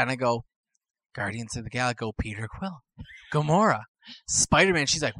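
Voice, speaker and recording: A man's voice: a little high, fast talker, no echo. A man co-hosting a casual podcast chat, telling an anecdote and acting out the people in it. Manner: animated, acts out quotes with shifting voices. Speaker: podcast co-host. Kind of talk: casual storytelling.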